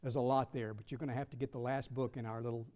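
A man preaching a sermon with emphatic, drawn-out stresses, swinging between loud bursts and soft asides, and teasing his listeners now and then. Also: medium pitch, flat delivery.

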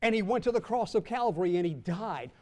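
High-voiced preacher man prompting the flock. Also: expressive, darkish tone. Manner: calls out questions for the congregation to answer; draws out key words slowly for emphasis. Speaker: pastor. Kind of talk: sermon.

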